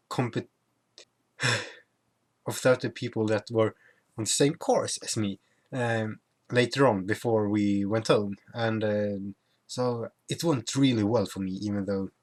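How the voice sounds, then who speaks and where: A young man who is not a native speaker of English chats through his travel vlog at an unhurried pace. His voice sits a little low, and he often stops to restart words or add fillers. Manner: halting, many restarts and fillers. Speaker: vlogger. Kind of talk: casual travel vlog chat.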